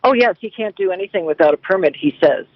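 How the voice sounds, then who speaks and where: A man's voice: high voice, expressive, fast, no room sound. A man calling in to a radio show, earnestly explaining a neighbor's problem. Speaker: caller. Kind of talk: phone-in call. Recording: dull lo-fi radio stream.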